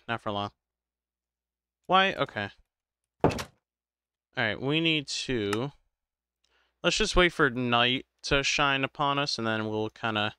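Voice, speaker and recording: A man live-streaming a game, chatting casually with viewers in a slow, drowsy, rambling way because he is tired. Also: medium pitch, sharp tone, clean tone. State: tired, medicated.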